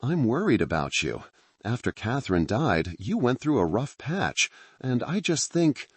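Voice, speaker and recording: A man voicing a calm, wary male colleague working with the police, speaking in a measured, careful way. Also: lowish voice, breathy edge, no room sound, heavily acted.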